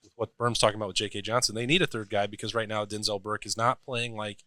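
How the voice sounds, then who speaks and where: Quick, bright-voiced sports co-host, lowish pitch, analytical. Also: male voice, level tone, dry recording. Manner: fast, analytical, steering the talk. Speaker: podcast co-host. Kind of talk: casual sports talk.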